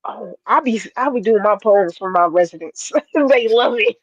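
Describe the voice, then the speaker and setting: A guest poet from Ohio, answering interview questions plainly and then reciting spoken-word poetry with a steady rhythm. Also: mid-range voice, moderate pace, no room sound. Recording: dull lo-fi dry stream audio.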